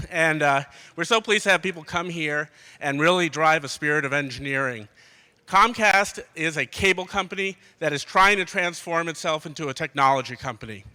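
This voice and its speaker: A man's voice: a little high, pushed and bright. A man giving a sponsor speech to a crowd, a little out of breath and upbeat. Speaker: corporate sponsor speaker.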